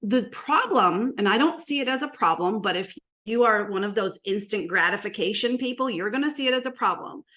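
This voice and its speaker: A woman who works as a marketing coach, giving an energetic, animated presentation full of stories and rhetorical questions. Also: medium pitch, fairly quick, hardly any pauses. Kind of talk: presentation to an audience.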